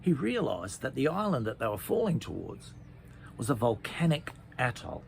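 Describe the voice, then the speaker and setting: A man reading a children's story aloud, chatty, with asides and hushed passages. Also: mid-range voice, wildly swooping pitch, moderate pace, vocal fry, a little hiss or hum.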